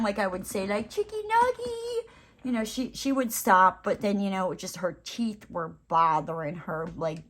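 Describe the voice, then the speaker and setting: This is a woman's voice at an ordinary middle pitch, chatting to her viewers while she crafts. She rambles from story to story, full of fillers and playful asides. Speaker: crafting vlogger. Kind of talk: casual chat while crafting.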